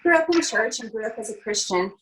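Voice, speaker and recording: A woman's voice: fairly high pitch, animated, fast, fairly bright tone, a little hiss or hum, rough recording. A woman, a country singer, earnestly telling a personal story in an interview, with many "you know"s and "um"s. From Canada. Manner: earnest, heartfelt retelling with frequent "you know" and "um".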